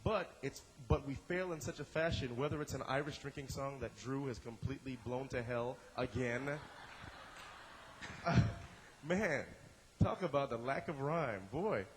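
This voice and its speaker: Brief: male improv instructor, mid pitch, lively and animated, frequent restarts, big echoing hall. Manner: energetic, acts out examples in quick character voices; repeats and restarts words often. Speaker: improv teacher. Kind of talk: instructional talk to a class.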